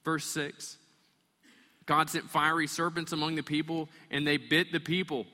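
A man preaching a sermon, animated and storytelling, acting out the voices of the people in the story. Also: fairly high pitch, a little slow, big-room sound. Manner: animated, acts out voices of complaining people and kids. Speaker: pastor.

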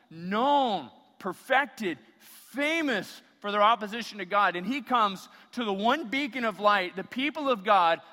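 A man's voice: sits high, sharp tone, big-room sound. A man preaching a sermon as a pastor, emphatic and repeating phrases for stress.

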